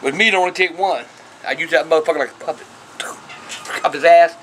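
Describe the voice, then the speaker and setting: Foul-mouthed older man, high bright voice. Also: fast, a little hiss or hum. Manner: profane and blunt, peppered with curses. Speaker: show host answering viewer questions. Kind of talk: casual talk to camera.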